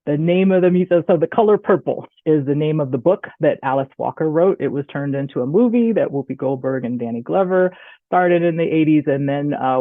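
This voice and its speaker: A woman with a Southern US accent giving a chatty, animated online presentation, often checking in with "right?". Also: very deep voice, no room sound. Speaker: guest speaker. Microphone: video call. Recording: tinny phone-like audio, dry.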